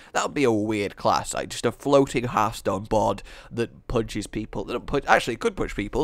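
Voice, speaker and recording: A man's voice: mid-range voice, a bit bright, no echo. A man giving joking, rambling commentary over a card game he's playing, with sarcastic asides. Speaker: gaming video host. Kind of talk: let's-play commentary.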